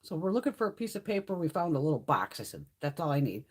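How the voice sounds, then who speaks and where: This middle-aged beauty livestreamer talks casually with her viewers, a profane storyteller who laughs often. Her deep, husky voice is fast and sing-song.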